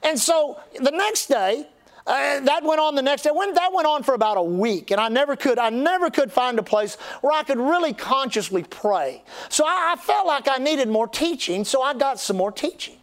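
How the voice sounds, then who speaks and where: A man's voice: extremely high pitch, animated, normal speed, fairly bright tone. An older man, a pastor telling a folksy, humorous story in a sermon, with lots of restarts. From Texas.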